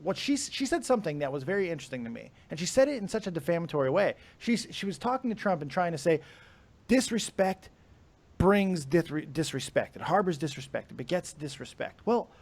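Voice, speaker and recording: A man's voice: high voice, big pitch swings, a little fast, a little mellow. A man co-hosting a podcast, ranting in casual chat, swearing hard and laughing often. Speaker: podcast co-host.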